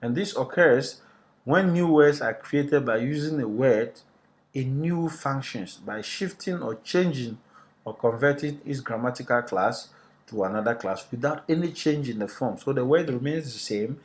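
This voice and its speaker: A man teaching a recorded lesson, explaining deliberately and putting rhetorical questions to his students before answering them himself. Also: mid-range voice, lively intonation.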